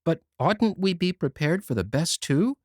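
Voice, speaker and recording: A man's voice: a little high, wildly swooping pitch, normal speed, no echo, studio quality. A man reading a storybook voices an idealistic sixteen-year-old girl who speaks eagerly and pleads her case. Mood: eager pleading. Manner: eager, pleading, bright-sided.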